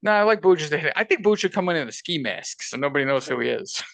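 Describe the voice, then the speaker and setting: A man's voice: fairly high pitch, expressive, quick pace, vocal fry, a bit bright, dry recording. A man hosting a casual sports betting podcast, bantering and joking crudely with his co-host.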